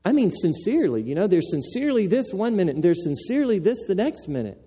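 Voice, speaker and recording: Pastor guy preaching, chatty and animated, mellow voice kinda high, muffled lo-fi sound. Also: quick pace, husky. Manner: conversational, animated storytelling. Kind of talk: sermon.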